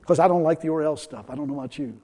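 A man preaching a sermon as pastor, talking conversationally, repeating himself and swelling louder for emphasis. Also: fairly high pitch, rapid-fire. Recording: long hall reverb.

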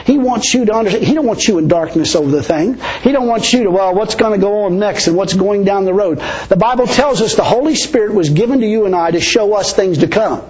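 High-voiced preacher, lo-fi. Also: male voice, darkish tone. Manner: chuckles often, repeats words for emphasis. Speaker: pastor. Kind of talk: sermon. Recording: dull lo-fi recording.

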